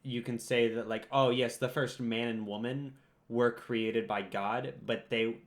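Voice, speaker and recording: A man's voice: medium pitch, fairly even intonation, unhurried. A young man co-hosting a podcast, rambling and teasing in casual chat. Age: young adult. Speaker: podcast co-host.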